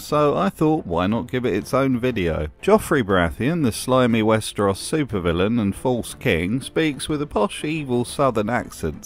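A man narrating a scripted commentary with dry, sarcastic humor. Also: on the low side. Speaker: video essay host.

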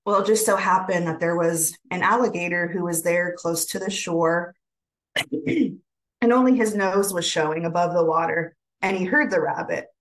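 A woman with a somewhat low voice tells a traditional animal story to a webinar audience. She speaks gently and without hurry, and the telling is dotted with soft fillers. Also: steady tone, rough recording. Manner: gentle, unhurried, many fillers. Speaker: webinar presenter. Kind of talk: oral storytelling.

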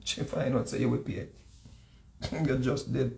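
This guest speaker's medium-pitched, creaky voice moves a little slowly as he shares stories in a Jamaican accent, animated and repeating himself while acting out quoted people. A little hiss or hum sits underneath.

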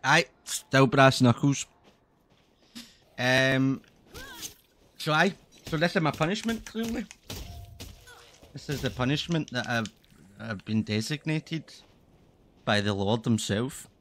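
Streamer, sweary, loose and rambling, average pitch. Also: male voice, expressive, slow, long pauses, a bit bright, a little hiss or hum. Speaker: game streamer. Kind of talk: casual gaming commentary.

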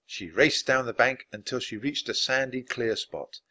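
A man reading a children's book aloud, expressive and dropping low for narration. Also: normal speed. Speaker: storybook reader.

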